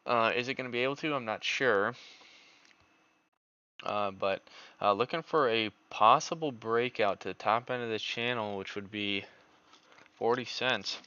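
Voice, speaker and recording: A man's voice: on the low side, a little slow, long pauses, bright, forceful tone, smooth, no echo, dull audio. A man streaming live market commentary, thinking aloud with frequent fillers. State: out of breath. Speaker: stock trading streamer.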